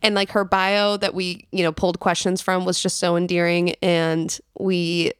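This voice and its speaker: Bubbly woman cohosting a podcast, kinda low voice, super dry sound. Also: level tone, clean tone, no room sound. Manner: bubbly, chatty, quick to agree. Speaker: podcast co-host. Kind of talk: casual podcast chat.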